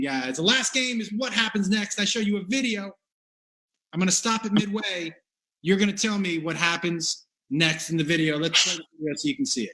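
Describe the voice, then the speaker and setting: A male comedy host with a high, bright voice, talking quickly over a video call. He laughs often and keeps the game moving. The tone is loose, casual chat.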